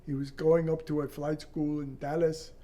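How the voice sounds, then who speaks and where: A man's voice: on the high side, level tone, moderate pace, dark tone, close to an everyday voice. A man voicing an eager foreign student pilot on a phone, with a Middle Eastern accent, insistently repeating the same broken phrase.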